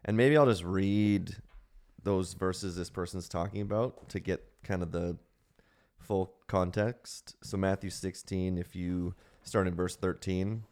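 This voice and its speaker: A man's voice: deep voice, fairly even intonation, unhurried, a little mellow. A man hosting a casual theology podcast, joking with his co-hosts and reading a listener question aloud. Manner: jokey, laughs often, reads listener questions aloud. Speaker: podcast host. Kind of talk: casual chat.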